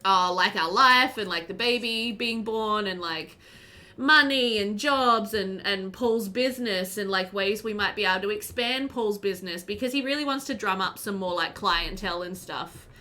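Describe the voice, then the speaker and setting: A woman's voice: mid-range voice, moderate pace, bright, forceful tone. A woman with an Australian accent, live-streaming a game at home and chatting in a rambling way, full of fillers. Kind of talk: casual chat while live-streaming a game.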